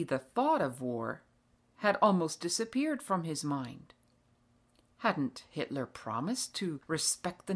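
A woman reading a novel aloud as an audiobook narrator in a calm, measured way. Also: on the low side. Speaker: audiobook reader. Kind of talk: scripted narration.

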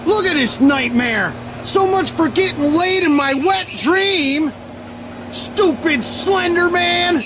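A man narrating a crude comedy video, shouting rhyming insults with exaggerated outrage. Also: extremely high pitch, slow pace, heavy background noise.

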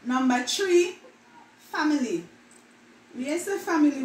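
A young woman with a Jamaican accent chatting casually on her vlog, playful and quick to laugh as she acts out everyday phrases. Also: sits high, lively intonation, darkish tone, distant mic. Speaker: vlogger. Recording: roomy echo, mic set back, faint room ambience.

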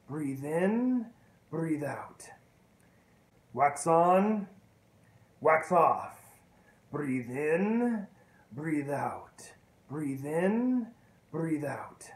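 A man voicing a wise old male karate master who speaks slow, halting broken English, in a roomy-sounding room. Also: on the high side. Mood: coaching. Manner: slow, measured instruction. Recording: roomy echo.

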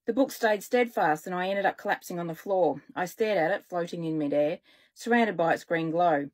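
A woman children's author reading aloud from her own stories, with lively, expressive storytelling. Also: fairly low pitch, moderate pace.

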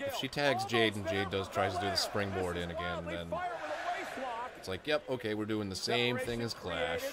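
A man with a fairly low voice talks loosely over a match as he watches it. He thinks out loud and wanders into asides, with plenty of "um" and "like" along the way. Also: normal speed, over a noisy crowd. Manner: chatty, thinks aloud with fillers and asides. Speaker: wrestling reaction streamer. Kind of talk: casual live reaction commentary.

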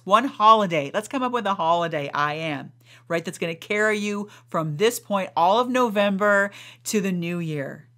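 A woman who hosts a podcast, guiding a slow, soothing meditation and then coaching her listeners with emphatic encouragement. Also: lowish voice, a bit bright. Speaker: podcast host and life coach. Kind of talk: guided meditation and coaching talk.

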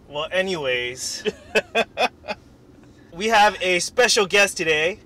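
A man's voice: a little high, lively intonation, slow pace, long pauses, pushed and bright. Giggly man chatting in a car. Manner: giggly, teasing, laughs often. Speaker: food vlog host. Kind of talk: casual chat. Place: inside a car.

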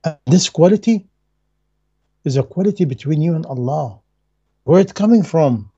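A man's voice: on the high side, animated, moderate pace, warm tone, husky, lo-fi sound. A man giving a religious lecture in non-native English, earnest and emphatic, repeating his key phrases. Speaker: Islamic lecturer.

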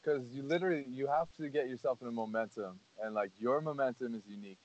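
A man's voice: mid-range voice, fast talker. A man hosting a casual podcast, talking earnestly in a rambling way with lots of "like" and "you know". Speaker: podcast host. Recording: dull lo-fi audio.

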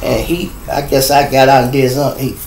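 A man's voice: medium pitch, little pitch movement, a little fast, creaky, a little mellow, roomy sound, low-quality recording. A middle-aged man from Chicago with a Chicago accent, ranting bluntly and profanely to his viewers as host of a casual live stream.

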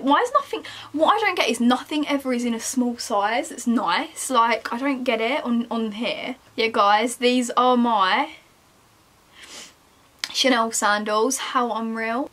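Cold and bundled in a jacket, a young woman talks casually to herself and viewers in a shopping vlog as she browses online stores, chatty and poking fun at herself. Her fairly high, fairly bright voice has lively intonation and takes it slowly.

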